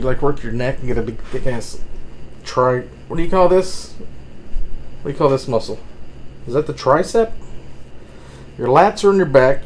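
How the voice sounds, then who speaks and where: A man's voice: medium pitch, slight background noise, poor audio. A man casually rambling through a fitness update, full of fillers and chuckling at his own jokes. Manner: meandering, filler-heavy, self-amused laughing. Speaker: vlogger.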